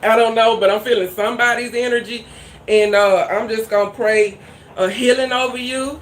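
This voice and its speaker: A woman's voice: on the high side, fairly even intonation, normal speed, slight background noise. Woman host, chatty and folksy with viewers, casual live-stream talk. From Louisiana. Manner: chatty and folksy, heavy Southern slang. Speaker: cooking channel host.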